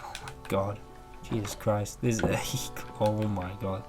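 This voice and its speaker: A man's voice: on the low side, level tone, takes it slowly. A man giving casual gameplay commentary, swearing freely and chatting to his in-game pet. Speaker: gamer. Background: clear background music.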